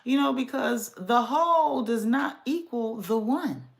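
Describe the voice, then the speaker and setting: A woman hosting her podcast with sassy, animated casual commentary, talking straight to her audience. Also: a little high, unhurried, vocal fry. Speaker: podcast host.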